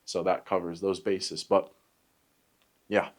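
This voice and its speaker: A young man with a fairly low voice chats through his day for a fitness vlog. He rambles in an upbeat way, fills pauses with um and uh, and makes small self-deprecating jokes. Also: flat delivery. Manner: rambling, upbeat, self-joking with many fillers. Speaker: fitness vlogger. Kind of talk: casual talk to camera.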